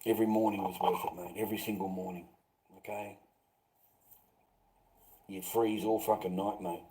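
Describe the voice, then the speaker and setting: A man's voice: low voice, steady tone, moderate pace, mellow, slight background noise, rough recording. A middle-aged Australian man rambling bitterly to viewers, swearing constantly and calling them mate. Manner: profane, bitter, repetitive, calls listeners mate. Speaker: vlogger.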